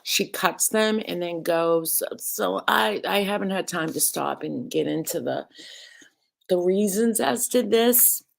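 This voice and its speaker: Gravelly-voiced woman rambling on a live stream. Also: fairly low pitch, slow. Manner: chatty, rambling, greets chat viewers by name. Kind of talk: casual live-stream commentary.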